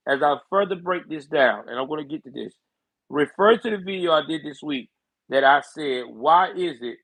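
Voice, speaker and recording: A man's voice: fairly high pitch, dry recording, rough recording. A man hosting a livestream of political commentary, talking casually with sarcasm and profanity.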